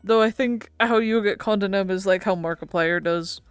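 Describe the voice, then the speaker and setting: A woman's voice: medium pitch, brisk, clean tone, dry recording, soft background music. A woman streaming, chatting casually and giggling with her viewers, swearing now and then. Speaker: VTuber streamer.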